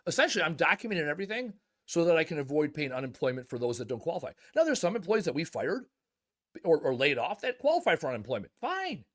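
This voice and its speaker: A man's voice: on the high side, quick pace. A man who owns a junk removal company, telling stories emphatically in a casual podcast conversation. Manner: emphatic, animated storytelling. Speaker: junk removal business owner.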